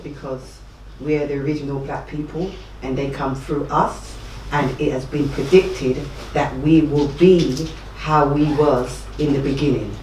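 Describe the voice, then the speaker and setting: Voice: mid-range voice, flat delivery, a little slow, a little mellow, distant mic. A study group member answering and agreeing in a discussion. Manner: short affirmations, agreeing. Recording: echoey room, voice from off-mic with background noise.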